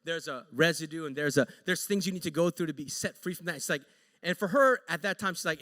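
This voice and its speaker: High, lively preacher in an echoing church. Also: male voice, quick pace. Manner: animated storyteller who acts out quotes. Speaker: pastor. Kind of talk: sermon. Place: church sanctuary.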